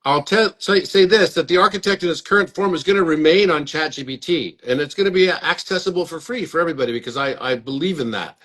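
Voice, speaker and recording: Earnest man inviting viewers, slightly high voice. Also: quick pace, few pauses, a bit bright. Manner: earnest, inviting, repeats words. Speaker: host. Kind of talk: live stream chat. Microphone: phone or webcam on a live stream.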